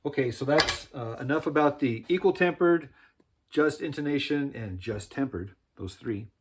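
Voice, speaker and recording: A man's voice: mid-range voice, normal speed, noisy background. A man casually explaining how he lays out frets for homemade string instruments, in a laid-back, rambling way with slang like "man" and "dude". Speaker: instrument builder teaching.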